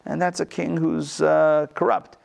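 A man teaching a Torah text-study class in a conversational way, asking the class rhetorical questions and swinging his pitch for emphasis. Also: level tone, a little slow, vocal fry.

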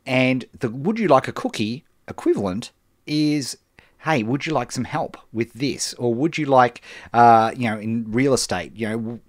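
Male host, lively swinging delivery, dry close sound, unscripted business advice with fillers. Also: medium pitch, normal speed, no room sound. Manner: animated, emphatic, many fillers and restarts. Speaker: host answering business questions. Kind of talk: live-stream business talk.

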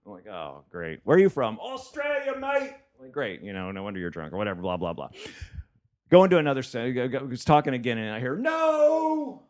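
A man's voice: mid-range voice, animated, rapid-fire, a little mellow. A man, a comedian and podcast host, telling a gig story in casual chat, profane and laughing often.

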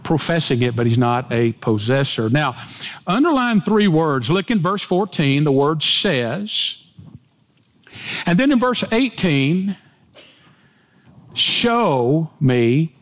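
A man preaching a sermon with emphatic delivery and dramatic swings in pitch and pace. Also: sing-song, normal speed. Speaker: pastor.

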